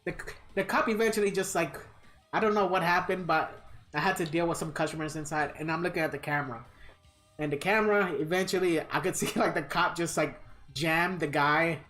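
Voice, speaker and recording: A man's voice: on the high side, brisk, a bit bright, soft background music. A man live streaming a game, telling a rambling story casually and laughing often as he acts out the people in it.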